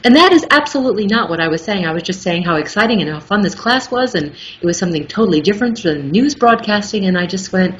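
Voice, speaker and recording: A middle-aged woman talking as an interview guest, telling stories in a lively, articulate way. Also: mid-range voice, fast, few pauses. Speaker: guest, audiobook narrator. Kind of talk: casual interview chat. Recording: muffled with faint background noise.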